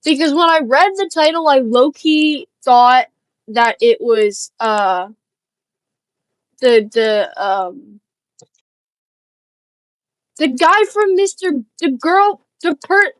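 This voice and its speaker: A woman's voice: sits high, slow pace, pauses often, no echo, low-quality recording. A woman from the northern United States, streaming casual reaction commentary, rambling and self-deprecating with lots of fillers and trailing asides.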